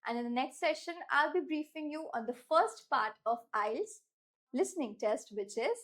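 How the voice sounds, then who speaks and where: High-voiced Indian English woman, clear and deliberate teacher read. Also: animated, a bit bright. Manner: clear, deliberate, slows down to stress key words. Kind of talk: instructional lesson.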